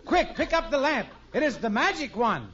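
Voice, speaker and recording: A man's voice: very high-pitched, very animated, moderate pace, fairly bright tone, muffled recording, heavily acted. A man playing a silly young prince in a 1940s radio comedy, clowning and giggling, on a hissy old broadcast. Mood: playful.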